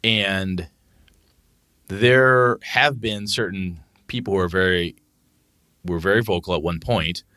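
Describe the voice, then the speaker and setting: A man's voice: low voice, slow pace, pauses often, no room sound, studio quality. A man co-hosting a casual tabletop gaming podcast, swearing freely and acting out what he says to his players. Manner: animated, profane, acts out what he says to players. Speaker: podcast co-host and game master.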